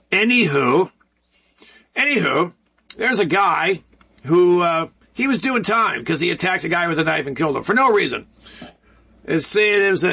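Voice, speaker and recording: A man's voice: sits high, gravelly, bright, forceful tone, breathy edge. A man in his sixties hosting an opinionated news commentary, rambling and sarcastic. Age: 60s. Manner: sarcastic, rambling, mock voices for quoted people. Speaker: commentary show host.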